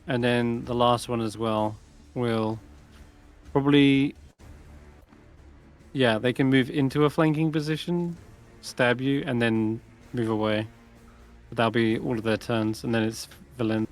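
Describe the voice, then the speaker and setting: A man acting as game master, narrating a live tabletop game and thinking aloud with pauses as he runs the combat. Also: medium pitch, fairly even intonation, soft background music.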